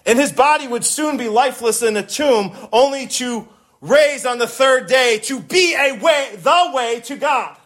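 A man's voice: very high voice, expressive, a little slow, fairly bright tone. A man preaching a sermon, emphatic and impassioned, repeating words for stress and swelling when he quotes scripture. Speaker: pastor.

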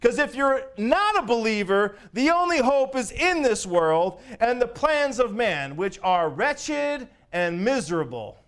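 A male pastor preaching a sermon, lively and swinging between loud declarations and hushed, soft asides, with frequent chuckles. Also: very high-pitched, measured pace, hardly any pauses, smooth.

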